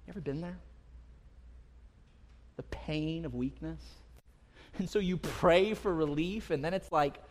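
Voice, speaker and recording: With a fairly high voice and measured pace, a pastor in his thirties pauses often as he preaches to a congregation. He speaks casually and acts out quotes with building emphasis; the recording carries a little hiss or hum and the long hall reverb of a church sanctuary.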